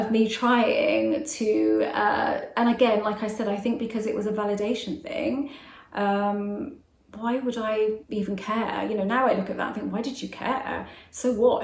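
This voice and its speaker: A woman from England's West Country with an English accent, a manifestation coach talking casually to camera in a fast, chatty way with frequent laughs. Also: medium pitch, gravelly. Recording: roomy echo.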